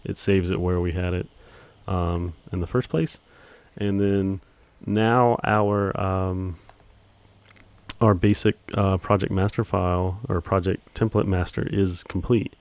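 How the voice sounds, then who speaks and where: Low-voiced, monotone man teaching software. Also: slow, no room sound. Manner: calls his own voice monotone, relaxed, many ums. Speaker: video editing instructor. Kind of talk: screen-recorded software tutorial.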